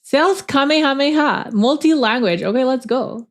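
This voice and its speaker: A woman's voice: high voice, moderate pace. A woman streamer in casual chat, rambling and chatty, laughing often with lots of filler words.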